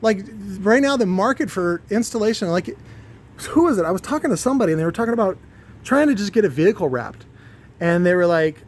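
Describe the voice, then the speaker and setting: A man's voice: high-pitched, animated, moderate pace, slight background noise. A man who owns a shop, rambling and ranting through a one-take vlog, swearing freely as he goes. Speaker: shop owner vlogging. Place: his shop.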